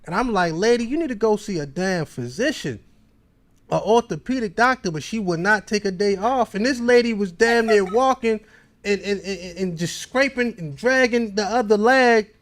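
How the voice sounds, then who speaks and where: A man's voice: sits high, animated, normal speed. A man with a Baltimore accent hosting a podcast, telling a long, rambling story in casual slang. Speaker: podcast host.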